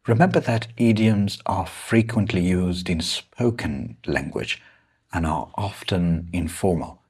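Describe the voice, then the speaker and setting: A man teaching English idioms in a slow, deliberate lesson, explaining each one and repeating examples. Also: sits low, darkish tone, breathy edge. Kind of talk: scripted lesson narration.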